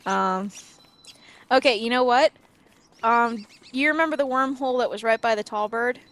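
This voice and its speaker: A woman's voice: on the high side, moderate pace, a bit bright. A young woman chatting casually while playing a co-op game, confident and playful, guiding her partner and laughing often. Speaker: co-op gameplay partner and guide. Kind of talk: casual gaming chat.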